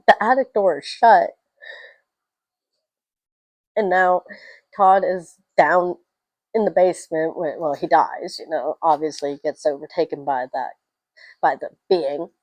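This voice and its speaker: A woman chatting through a film review, emotional and quick to laugh. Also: fairly low pitch, darkish tone, no room sound, poor audio. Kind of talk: casual spoken film review.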